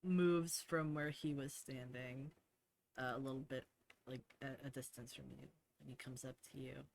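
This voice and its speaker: A man player narrating his character's actions in a tabletop game, measured and a little hesitant. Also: mid-range voice, steady tone, vocal fry.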